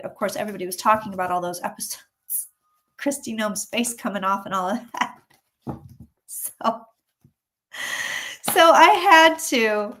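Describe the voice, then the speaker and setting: Chatty woman doing a tarot livestream. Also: on the high side. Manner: chatty, animated, acts out voices of people. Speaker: psychic reading tarot on a livestream. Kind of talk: casual livestream chat.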